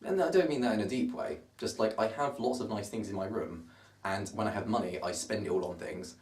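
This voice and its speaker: With a lowish, slightly mellow voice and a little fast, a twenty-year-old from Surrey in the south of England chats aimlessly to camera. His southern English accent carries self-mockery, and the distant camera picks up his roomy bedroom.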